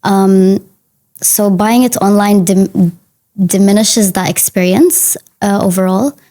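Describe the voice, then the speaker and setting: A woman's voice: mid-range voice, takes it slowly, mellow. A woman answering practice speaking exam questions, hesitant with many fillers. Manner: hesitant, lots of ums and likes. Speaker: exam candidate.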